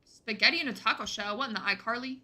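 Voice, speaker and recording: Very bright-voiced chatty woman streamer. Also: on the high side, quick pace. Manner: chatty, reads and answers chat while playing. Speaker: gaming streamer. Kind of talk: casual livestream chat.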